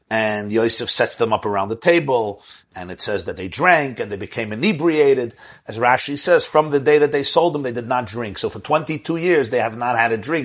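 A husky-voiced man gives an earnest Torah lecture to a class. His voice sits at a middle pitch. He circles back to repeat his key phrases and lets a chuckle slip in now and then. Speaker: rabbi teaching a class.

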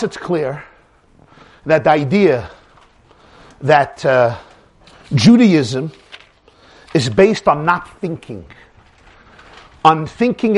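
Animated man giving a religious lecture. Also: on the high side. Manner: dramatic, acts out dialogues with rising emphasis. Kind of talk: animated Torah lecture with acted dialogue.

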